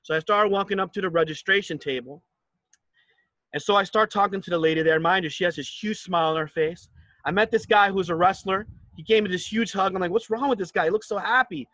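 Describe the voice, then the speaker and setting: A young man from New Jersey tells campers a personal story, high-pitched and bright. He acts out the dialogue and drops low for asides. The sound is close and dry. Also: steady tone, brisk, dry recording. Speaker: camp speaker. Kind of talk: storytelling talk.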